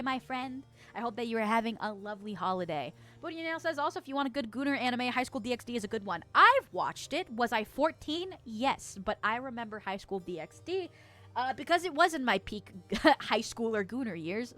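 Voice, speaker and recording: A woman's voice: a little high, fairly bright tone. A young adult woman streaming and casually chatting as she reads chat, bubbly and giggly with playful squeals.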